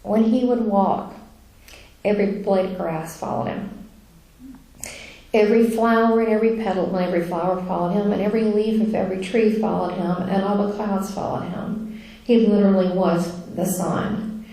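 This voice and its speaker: Chatty woman recounting an experience; gravelly mellow tone, heavy room echo. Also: mid-range voice, brisk. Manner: chatty and animated, many fillers, laughs while telling. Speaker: speaker sharing a near-death experience. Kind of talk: casual spoken testimony. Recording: very echoey room.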